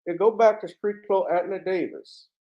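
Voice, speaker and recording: A man's voice: high voice, fairly even intonation, moderate pace, muffled recording. A man hosting a livestream, giving blunt, indignant commentary and swearing freely. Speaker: livestream host. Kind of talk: heated commentary.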